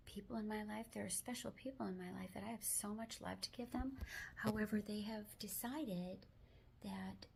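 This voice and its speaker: A woman hosting a self-help video, talking gently and mostly in a whisper, with firmer spoken phrases now and then. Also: mid-range voice, gravelly, slight background noise.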